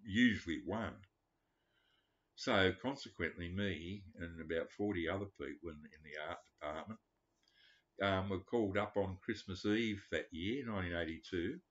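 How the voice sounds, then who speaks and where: A man's voice: sits low, a bit bright. A man, telling rambling personal stories full of swearing and fillers. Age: 70s. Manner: profane, meandering, frequent fillers. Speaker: vlogger. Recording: dull lo-fi recording.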